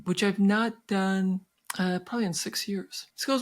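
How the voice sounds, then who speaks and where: A woman's voice: mid-range voice, a little slow. A woman in her sixties, a physician guest, telling a personal story in an interview with many restarts and fillers, animating her tale. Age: 60s. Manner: animated, acting out quoted voices.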